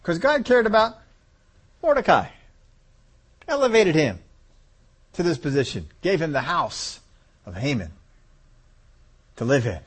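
A man preaching a sermon, animated, acting out voices of God and people and chuckling as he goes. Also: on the high side, a little slow, pauses often, slightly rough.

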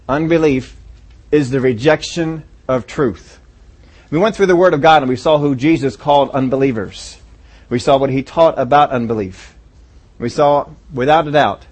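A man's voice: medium pitch, a little mellow. A man preaching a sermon as pastor, telling stories in a conversational way. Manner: storytelling, conversational.

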